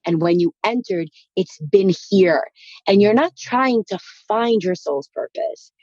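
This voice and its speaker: A woman's voice: medium pitch, measured pace, a little mellow, dry recording, dull audio. A woman from Queens with a New York accent, a spiritual guest speaking earnestly and encouragingly on a podcast. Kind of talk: podcast interview.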